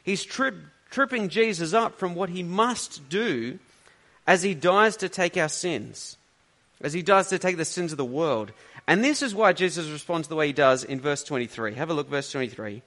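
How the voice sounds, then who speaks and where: Guy preaching a sermon, chatty and earnest, pitch all over the place. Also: lively intonation, moderate pace, fairly bright tone. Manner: earnest, conversational teaching with rhetorical questions.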